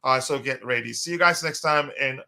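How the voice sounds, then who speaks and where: Bright-voiced man hosting a live stream. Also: mid-range voice, a little fast, creaky. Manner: hesitant, many fillers, reads comments aloud. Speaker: host of a fan livestream. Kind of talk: casual live-stream chat, reading viewer comments.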